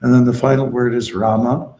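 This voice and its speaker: In poor audio, a devotional teacher leading kirtan explains a mantra patiently and calls out chant lines for a group to repeat back. He speaks briskly and flatly in a mellow, mid-range voice.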